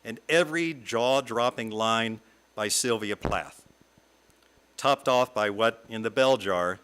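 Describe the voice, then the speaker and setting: A middle-aged man from the American South, a guest speaker giving a reflective talk read from a script in a lyrical, measured way. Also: medium pitch, a bit bright, clean tone. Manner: lyrical, measured reading with long lists. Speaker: guest speaker at a fellowship service.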